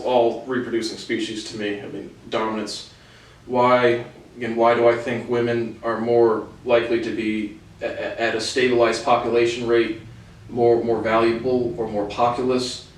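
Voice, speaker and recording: A man talking alone in a blunt, rambling way, swearing freely and often restarting his sentences. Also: medium pitch. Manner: blunt, profane, repeats "again" and restarts. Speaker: solo commentator. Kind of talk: rambling solo monologue. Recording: very echoey room, distant mic.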